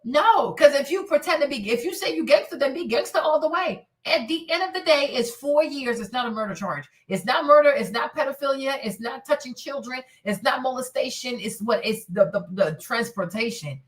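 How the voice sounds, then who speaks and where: A woman giving blunt, profane, animated reaction commentary, often laughing and raising her voice. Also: sits high, fairly quick, few pauses, recorded from a distance. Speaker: commentary streamer.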